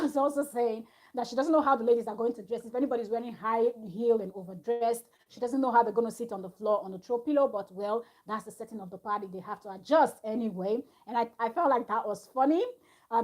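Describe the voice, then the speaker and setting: A woman's voice: a little high, darkish tone. Chatty woman recapping gossip. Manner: chatty, gossipy, laughs often. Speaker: reality TV reviewer. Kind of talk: casual recap chat.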